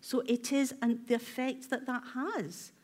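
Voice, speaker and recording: Woman, therapist, workshop talk, slightly high pitch, questioning, conversational, filler ums. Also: little pitch movement, measured pace, a little mellow. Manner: asks the audience many reflective questions.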